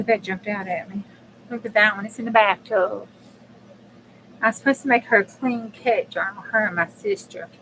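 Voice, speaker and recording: A woman's voice: a little high, a little hiss or hum, poor audio. A woman hosting a casual live crafting chat, chatty and blunt, swearing freely and talking straight to her viewers. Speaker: crafting channel host.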